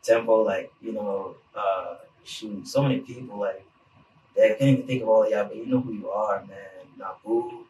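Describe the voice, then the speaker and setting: Relaxed male guest, rambles casually, mic set back in an echoey room. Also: fairly low pitch, moderate pace, highs cut off, slight background noise. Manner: laid-back, rambling, many fillers. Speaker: podcast guest. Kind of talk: casual chat. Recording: roomy, distant mic, faint ambience.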